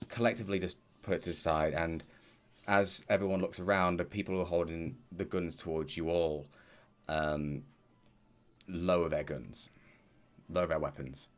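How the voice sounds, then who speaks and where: A man narrating as dungeon master in a tabletop game, setting scenes in a measured way with frequent fillers. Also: sits low, fairly even intonation.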